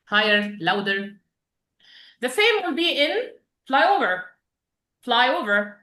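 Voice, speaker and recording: A woman teaching an English vocabulary class, patient and quick with praise as she explains words. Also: on the high side, sing-song, sharp tone, reverberant.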